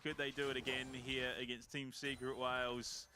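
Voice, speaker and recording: Man, esports color commentary, analytic, forceful bright tone. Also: medium pitch, flat delivery, a little hiss or hum. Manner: quick analytic, rising to hype on big plays. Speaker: esports caster.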